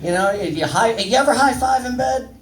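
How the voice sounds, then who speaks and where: A man's voice: extremely high pitch, animated, a little fast, background noise. A man in his thirties doing a stand-up set, rambling and crude, mocking himself as he talks to the crowd. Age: 30s. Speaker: stand-up comedian. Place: comedy club stage. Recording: echoey room, voice from far off.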